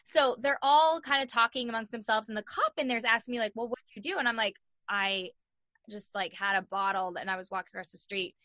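A young woman in an interview telling a story in a casual, animated way, full of "like" fillers and acted-out quotes. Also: on the high side, fairly quick, no echo. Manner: animated, acts out quoted voices, many "like" fillers. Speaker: guest.

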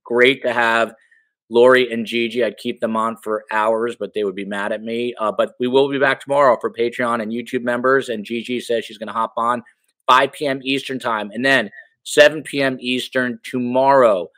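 Male podcast host, mid-pitched, chatty and upbeat, dry close sound. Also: steady tone, normal speed, a bit bright, dry recording. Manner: upbeat, chatty, hypes guests and audience. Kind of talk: casual interview hosting.

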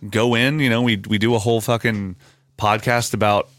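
A male podcast host talking in an animated, loose way, full of swearing and quick asides. His voice sits at an ordinary middle pitch. The sound is close and dry. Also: no room sound. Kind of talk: casual podcast chat.

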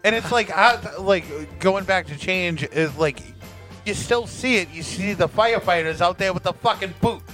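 A man's voice: high-pitched, normal speed, fairly bright tone, soft background music. A man ranting indignantly in casual podcast chat.

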